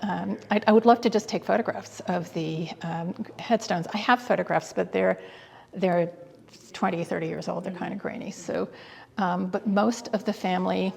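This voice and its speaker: A woman's voice: fairly low pitch, steady tone, normal speed, creaky, a little mellow. A woman curator talking in an interview, enthusiastic and hesitant, with many fillers and restarts. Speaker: guest curator. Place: exhibit hall. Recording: long hall reverb.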